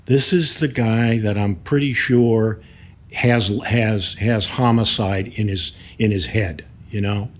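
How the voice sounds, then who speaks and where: A man's voice: on the low side, takes it slowly. Emphatic male lawyer in an interview. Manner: emphatic, animated, frequent restarts. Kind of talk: interview, recounting events.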